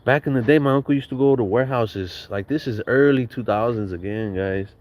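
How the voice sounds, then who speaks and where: A man's voice: medium pitch, fairly quick, highs cut off. A man casually telling childhood stories in a slangy, profane way, acting out quotes and laughing now and then. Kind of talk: casual storytelling.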